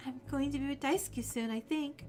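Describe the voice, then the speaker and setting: A despairing young girl in a game, quiet and resigned, as a woman reads her part aloud. The voice is fairly high-pitched, with faint music behind it. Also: brisk, close to an everyday voice. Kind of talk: reading game dialogue aloud.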